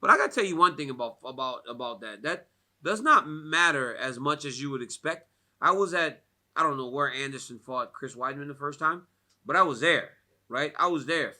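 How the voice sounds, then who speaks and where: An American man answers reporters in a loose, storytelling way, sprinkling in "like" and laughing easily. His voice is strikingly bright and forceful, sitting a little above the usual male pitch. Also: moderate pace. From United States. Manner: animated storyteller, laughs often, many "like" fillers. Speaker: interviewee at a fight media day. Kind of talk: casual media interview.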